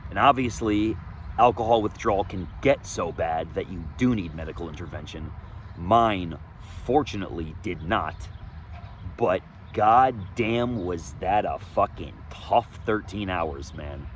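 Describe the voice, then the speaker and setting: A man telling his own story in a candid, profane monologue outdoors, swinging between loud emphasis and low muttering. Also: animated, a little slow, slight background noise. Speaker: vlogger sharing his recovery story. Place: outdoors, sunny day.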